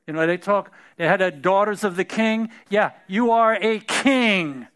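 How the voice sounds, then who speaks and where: Older guy preaching, slow and high, leans hard on words, drops folksy lines. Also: a bit bright, clear, resonant tone. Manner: emphatic, drawn-out preaching with colloquial asides; laughs during his own anecdotes. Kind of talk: sermon.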